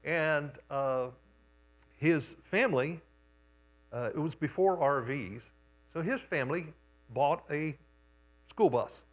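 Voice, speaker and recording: Older male preacher, homespun storyteller, leisurely pace. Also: a little high. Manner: unhurried, homespun storytelling with pauses. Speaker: guest preacher. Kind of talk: storytelling sermon. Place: church sanctuary.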